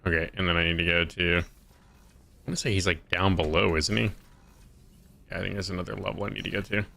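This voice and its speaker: A man's voice: sits low, fairly even intonation, fast, vocal fry, bright, forceful tone. A man streaming a game and chatting casually in laid-back reactions. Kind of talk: casual gameplay commentary.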